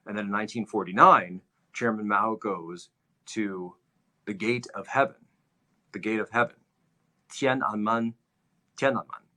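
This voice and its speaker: Male commentary host: low-pitched, forceful delivery, lecturing with emphatic repetition. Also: unhurried, long pauses. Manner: emphatic, repeats phrases for stress. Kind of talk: livestream commentary, history lecture.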